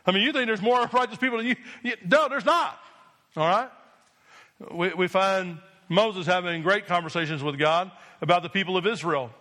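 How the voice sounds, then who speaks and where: A male pastor delivering a sermon to his congregation, his voice pitched high for a man. He preaches with firm, emphatic repetition and keeps checking in with the room. The tone is bright and ringing. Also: normal speed. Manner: emphatic preaching with repeated call-and-response "Amen?".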